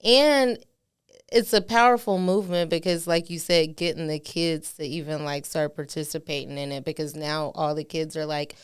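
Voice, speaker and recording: A woman's voice: low voice, steady tone, normal speed, smooth. A woman hosting a podcast interview, heartfelt and affirming, with lots of casual fillers. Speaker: podcast host.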